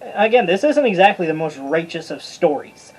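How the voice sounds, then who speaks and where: A Bible study teacher giving a casual, informal lesson, chatty and stumbling over hard names, with a husky voice. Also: mid-range voice, expressive, moderate pace, rough recording.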